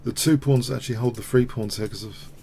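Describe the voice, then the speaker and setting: A man's voice: mid-range voice, steady tone, brisk, gravelly, dark tone, a little hiss or hum. A man commentating his own online chess games, thinking aloud with wry, self-mocking asides. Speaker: chess streamer. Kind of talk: live commentary while playing.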